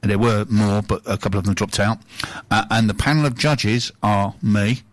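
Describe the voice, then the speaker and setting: A man with a fairly low voice co-hosts a casual radio chat, joking and telling stories with frequent laughs. His voice is close and dry on the studio mic. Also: steady tone, normal speed, no echo. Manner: jokey storyteller, laughs often. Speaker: radio co-host.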